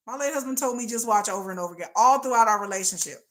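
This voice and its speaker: A middle-aged woman hosting a livestream, chatting casually and acting out quoted lines in a lowered voice. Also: very fast. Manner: animated, acts out quotes in lowered voice. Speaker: livestream host. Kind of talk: casual storytelling chat.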